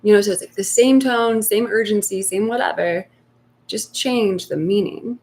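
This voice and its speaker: A woman giving spiritual coaching on a live stream, speaking softly and slowly and sometimes voicing inner fears in a hushed tone. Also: medium pitch. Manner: soft, slow and reflective, acting out inner voices in hushed tones. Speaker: meditation coach.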